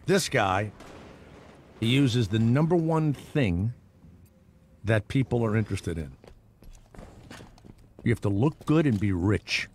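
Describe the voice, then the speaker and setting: A middle-aged man runs a comedic talk radio monologue, rambling and sarcastic. His pitch jumps around in a lively way. A faint noise floor sits under his voice. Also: a little slow, pauses often. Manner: rambling, sarcastic, animated asides with mock voices. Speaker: radio show host.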